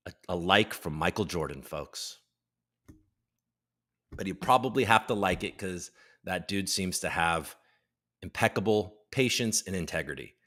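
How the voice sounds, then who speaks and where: Animated, bright-voiced male stream host. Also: lowish voice. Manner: energetic, joking, greets chatters by name; swears freely. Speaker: livestream host. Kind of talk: casual livestream chat.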